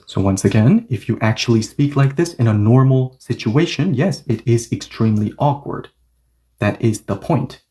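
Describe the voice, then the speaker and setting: A man's voice: mid-range voice, lively intonation, normal speed, dark tone. A man teaching a language grammar lesson, patiently repeating and restating each point and reading example sentences aloud at several speeds.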